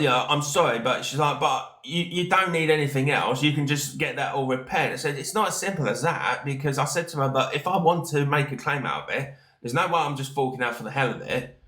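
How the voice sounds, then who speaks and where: A man's voice: a little high, pushed and bright. A man hosting a podcast, telling a story casually with many fillers and restarts. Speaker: podcast host. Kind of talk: casual storytelling while reading chat. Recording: echoey room.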